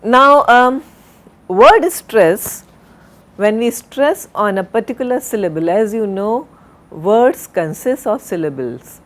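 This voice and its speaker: Slow, deliberate woman lecturer. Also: fairly high pitch, expressive. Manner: slow, deliberate, spells out and repeats words. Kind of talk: recorded university lecture.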